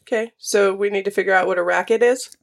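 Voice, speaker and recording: A woman in casual chat, guessing at quiz answers, thinking out loud and laughing easily. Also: medium pitch, steady tone, fast talker, vocal fry. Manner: chatty, laughing, thinks aloud while guessing. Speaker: quiz player.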